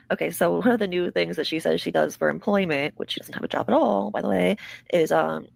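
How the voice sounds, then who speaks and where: A woman's voice: on the low side, a little fast, gravelly, dry recording. A woman hosting a commentary show, mocking and blunt, with heavy swearing. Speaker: commentary host. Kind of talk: commentary on online drama.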